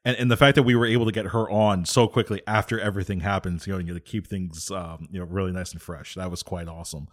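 Lower-voiced easygoing male host. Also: steady tone, fast talker, few pauses. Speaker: podcast host. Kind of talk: casual show hosting.

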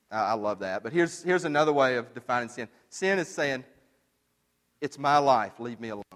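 A man preaching a sermon as pastor, casual and storytelling, shifting from animated to hushed. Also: a little high. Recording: long reverb of a large room.

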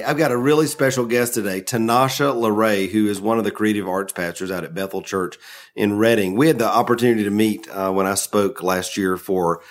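A man's voice: on the low side, brisk. Chatty Southern man hosting a podcast. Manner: friendly, chatty, many fillers. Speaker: podcast host. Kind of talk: casual podcast interview.

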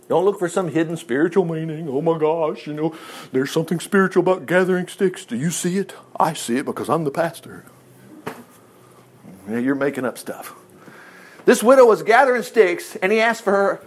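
A pastor delivers a folksy sermon. His voice is fairly high and swoops widely in pitch. He keeps switching between loud bursts of emphasis and hushed, confiding asides. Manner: animated, folksy, swings from loud exclamations to quiet asides.

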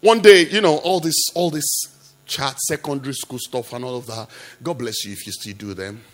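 A male pastor preaching an impassioned sermon, jumping between quiet asides and loud rebukes full of rhetorical questions. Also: mid-range voice, normal speed.

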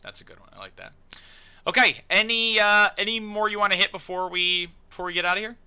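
A man hosting a casual podcast, talking in a loose, joking way full of fillers and playful asides. His voice is sharp and bright, and his pitch bounces around a lot. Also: expressive, fast, clean tone. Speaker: podcast host. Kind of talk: casual chat.

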